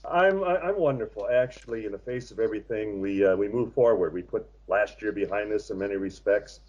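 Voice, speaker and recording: An American man in his sixties, a guest author telling his story in a measured, reflective way with frequent hesitations. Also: on the low side, darkish tone, dull audio. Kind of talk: interview conversation.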